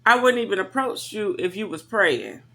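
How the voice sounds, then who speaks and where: A woman telling a story to her camera in a blunt, profane, animated rant. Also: mid-range voice, moderate pace. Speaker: vlogger.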